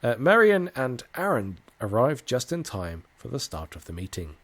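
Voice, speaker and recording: A man reads through a visual novel for his channel, dropping playful asides between story lines. His pitch moves lively and expressive, with faint music running underneath. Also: normal speed, hardly any pauses. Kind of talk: casual playthrough narration.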